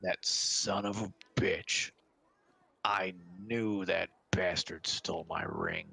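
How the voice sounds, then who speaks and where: Man doing a gruff, slow-talking half-orc boss. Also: low voice, huge pitch swings, sharp tone, exaggerated voice.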